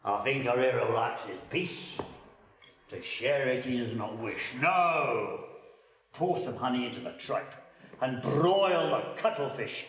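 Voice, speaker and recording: Stage comedy: a man as a mock-solemn chanting chorus, slow and low, in a roomy hall from far off. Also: a bit bright. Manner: low, drawling, sing-song chant. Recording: roomy theatre, mic far off.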